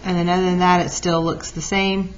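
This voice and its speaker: A woman teacher walking through a math lesson out loud, lively and talking through each step. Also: lowish voice, a little fast, a little hiss or hum. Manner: lively, talks through steps aloud. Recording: dull lo-fi recording.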